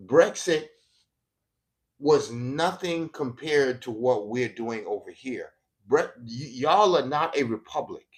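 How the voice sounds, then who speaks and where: A man's voice: medium pitch, expressive, slow. American male streamer, mocking and profane, ranting political commentary at a viewer. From United States.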